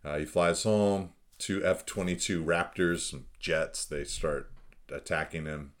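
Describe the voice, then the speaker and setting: A man with a low voice co-hosts a podcast with his daughter. He recaps a movie casually, rambling a bit and laughing often. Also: fairly even intonation, measured pace. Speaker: podcast co-host, father. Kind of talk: casual chat recapping a film.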